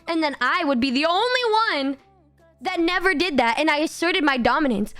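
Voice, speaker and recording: A young woman streamer chatting casually with her viewers, animated and swearing, often breaking into laughs. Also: high voice, normal speed, no echo, faint music behind.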